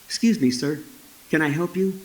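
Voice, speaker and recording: Dry brisk bookstore owner, as a man puts her on. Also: on the high side, darkish tone, roomy sound, natural voice, poor audio.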